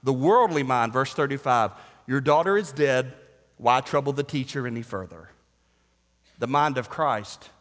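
A male pastor preaching a sermon, moving between loud, high-pitched exhortation and quiet, low asides, and reading quotations with dramatic emphasis. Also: big pitch swings, a little slow. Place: church sanctuary. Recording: long hall reverb.

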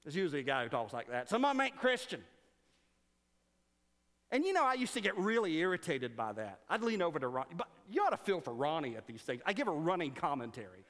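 Male pastor, animated sermon delivery with sarcastic asides, slightly high voice, long hall reverb. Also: fast, hardly any pauses. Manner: animated storytelling with playful sarcasm.

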